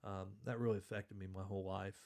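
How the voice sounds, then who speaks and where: A man's voice: sits low, little pitch movement, fast talker, a little mellow. A man hosting a podcast, telling stories in a rambling, self-deprecating way and laughing through them. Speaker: podcast host. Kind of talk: casual storytelling chat.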